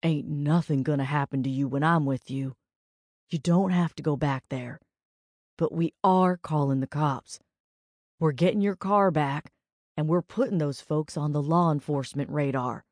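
A firm, protective country man with a gruff edge, as a woman narrator reads him. The voice stays low and grounded, speaking in plain folksy words in a storybook reading. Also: moderate pace, no room sound, clean studio sound, close to an everyday voice. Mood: soothing firm. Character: protective rural man, gruff then gentle.

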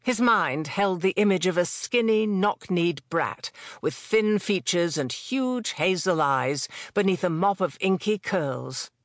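An audiobook narrator reads a historical novel from a script, keeping a measured, even storytelling delivery at medium pitch. The sound is dry and close, studio-made, with no echo.

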